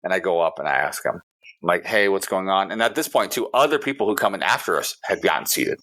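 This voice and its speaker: A man's voice: deep voice, sing-song, fast talker, pushed and bright. A man co-hosting a casual podcast, telling a story in a heated, profane way. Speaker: podcast co-host.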